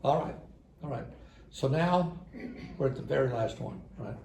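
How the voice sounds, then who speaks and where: A man's voice: medium pitch, normal speed, a little mellow. An older man giving a conversational church parenting seminar with dry, ironic humor, recorded in a church hall. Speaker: seminar speaker, psychologist. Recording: echoey hall with faint room noise.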